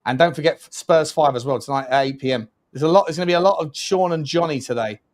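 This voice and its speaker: A man's voice: a little high, quick pace. A young man co-hosting a live football watch-along, chatting casually and often laughing. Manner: chatty, lots of fillers and restarts, laughs often. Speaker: co-host.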